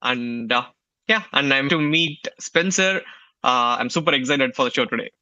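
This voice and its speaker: Male guest coach, upbeat, sharp bright tone, muffled dry call audio. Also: medium pitch, moderate pace, no room sound. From India. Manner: friendly, brief, upbeat replies. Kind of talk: casual interview chat.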